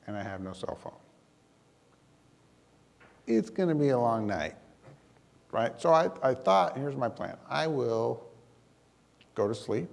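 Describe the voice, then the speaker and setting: A man giving a talk, telling a personal story to an audience in a lively, self-deprecating way with comic timing. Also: fairly low pitch, vocal fry, big-room sound. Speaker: emergency manager giving a talk.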